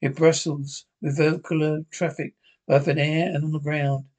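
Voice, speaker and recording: A man's voice: a little high, flat delivery, normal speed, a little mellow. Man reading a script aloud, stumbling. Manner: stumbling, frequent restarts and slips. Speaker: podcast reader.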